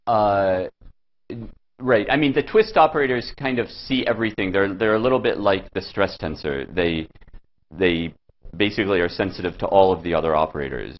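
A man giving a physics lecture at a board, pausing often with fillers and restarting his sentences. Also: sits low, dull audio. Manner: halting, many fillers and restarts. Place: lecture hall.

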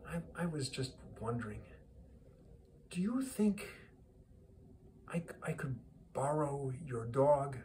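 A man's voice: mid-range voice, normal speed, slight background noise, voice pushed down, natural voice. A man voicing a polite male businessman who apologizes and stammers as he asks questions. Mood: apologetic.

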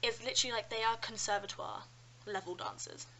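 Young British woman vlogger, bright and chatty, faint background hiss. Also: a little high, fairly quick, poor audio. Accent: British English. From London, England. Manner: chatty, animated storytelling with frequent "like" and "um". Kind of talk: casual chat.

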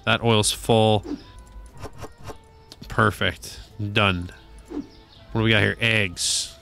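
A fairly low, gravelly male voice moves very slowly through casual, humorous commentary on a game, with faint music in the background. The video creator banters with the characters and swears from time to time, staying lively throughout.

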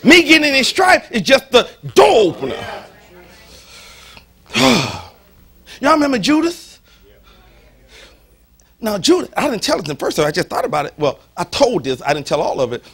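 Pastor guy preaching in church, really high husky voice, bounces all over. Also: normal speed, pauses often. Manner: animated storytelling, acts out biblical voices, folksy. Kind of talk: sermon.

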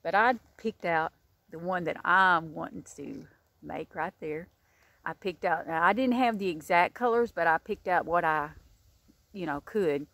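Chatty woman, low voice. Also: a little slow, creaky, no room sound. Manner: chatty, rambling, warm-hearted with many fillers. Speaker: crochet channel host. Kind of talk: casual book review chat. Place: outdoors.

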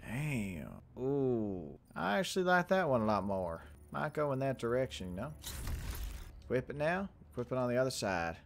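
A young man narrating his own gameplay in chatty, excitable bursts, joking at himself along the way. His pitch jumps around a lot, over faint game gunfire and ambience. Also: gravelly, slight background noise. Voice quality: chatty, excitable, self-mocking. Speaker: gaming channel host. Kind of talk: let's play commentary.

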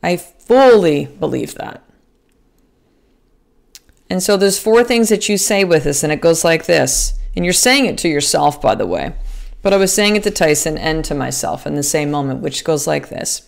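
A woman's voice: low voice, expressive, normal speed, vocal fry. A woman hosting a podcast in a casual monologue, earnest and motivational, swearing freely and restarting her sentences. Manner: earnest and motivational, addresses listeners as sister. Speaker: podcast host.

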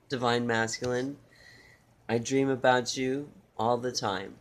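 A man reading channeled love messages in a soft, tender way, with repeated phrases and pauses. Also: mid-range voice, flat delivery. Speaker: spiritual reader.

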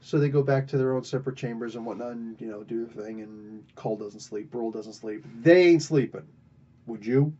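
A man's voice: medium pitch, brisk, mellow, breathy edge, muffled recording. A man hosting a podcast, recapping a story in a rambling, playful way with self-corrections.

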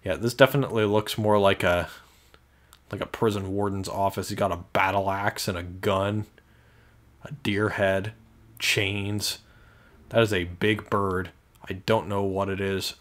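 A man's voice: low-pitched, level tone, a little slow, a bit bright. A young man casually commenting on a video game he is playing, wry and self-deprecating. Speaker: let's player. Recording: faint game music behind.

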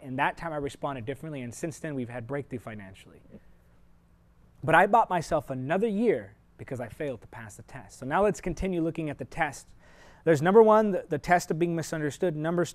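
An earnest male preacher with a fairly high voice, teaching a televised sermon. He speaks straight to the viewers, swinging from loud, emphatic points to hushed, personal asides. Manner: earnest, shifts sharply between loud emphasis and quiet asides; direct, personal address to viewers.

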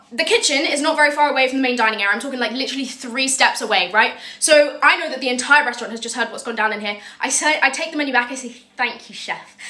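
Young woman, fast, bright and a touch high, deadpan sweary storyteller. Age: young adult. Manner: sweary, deadpan comic storytelling with frequent "right?". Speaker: content creator. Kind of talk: casual storytime monologue.

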